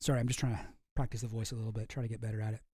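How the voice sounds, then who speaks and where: A man's voice: fairly low pitch, level tone, rapid-fire, warm tone, slightly rough, dry recording, clean studio sound. A man hosting a show, reading documents on screen in casual, profane, rambling commentary that mocks himself. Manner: profane, rambling, self-mocking. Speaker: show host.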